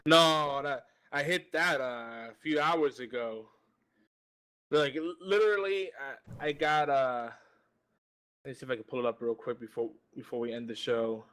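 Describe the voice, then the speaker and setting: A man in casual podcast chat, calling in over video and venting with plenty of swearing. His voice sits in an ordinary middle pitch, and he keeps stammering and restarting his sentences. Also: normal speed, fairly bright tone. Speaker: podcast co-host. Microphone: joined by video call.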